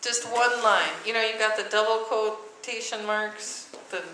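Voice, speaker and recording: A woman's voice: a little high, little pitch movement, measured pace, sharp tone. A woman music teacher leading a class, singing note names to demonstrate and quizzing students. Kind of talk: classroom lesson with sung solfege. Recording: echoey classroom from far off, noisy.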